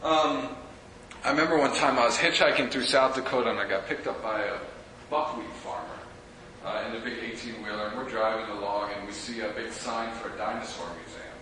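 A man's voice: mid-range voice, steady tone, brisk, sharp tone. A man giving a casual talk to a small group, chatty, laughing often and asking his listeners questions. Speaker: spiritual teacher giving a talk. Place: room with a small audience. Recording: roomy and echoey, from far off, noisy.

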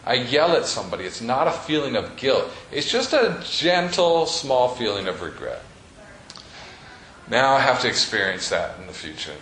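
A man's voice: mid-range voice, very animated, moderate pace, a bit bright, a little hiss or hum. A man teaching a meditation class in a studio, talking casually with plenty of fillers. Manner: casual, conversational, with many fillers. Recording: echoey room, faint ambience.

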